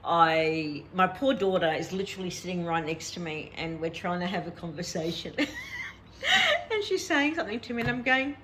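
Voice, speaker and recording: A woman's voice: lowish voice, lively intonation, normal speed, background noise. A middle-aged woman, chatting casually as a vlog host and laughing often as she tells a story. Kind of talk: casual chat.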